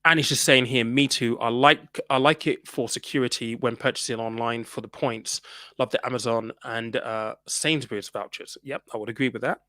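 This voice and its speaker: A man's voice: medium pitch, fairly even intonation, normal speed, bright, forceful tone, no echo. Chatty man, dry close sound. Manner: chatty and laughing, with frequent restarts and "mate". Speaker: personal finance host reading viewer comments. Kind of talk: casual live-stream chat.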